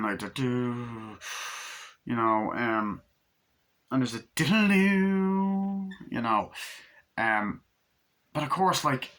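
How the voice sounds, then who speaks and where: A man's voice: medium pitch, bright, forceful tone. A man giving a casual, rambling movie review, full of "like" and fillers, acting out scenes as he goes. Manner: rambling, filler-heavy retelling that acts out scenes.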